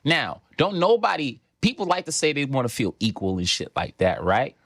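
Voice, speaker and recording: A man's voice: medium pitch, very animated, normal speed, fairly bright tone, no room sound, studio quality. A young man with a New York accent, a comedian guest on a podcast who speaks in an emphatic, profane way. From New York City. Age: young adult. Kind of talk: casual podcast chat.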